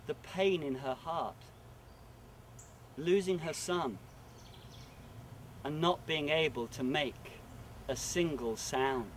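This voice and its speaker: A male professional storyteller performing live, dramatic with sudden loud bursts and hushed drops. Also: a little high. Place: live stage venue. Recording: echoey live venue, distant mic.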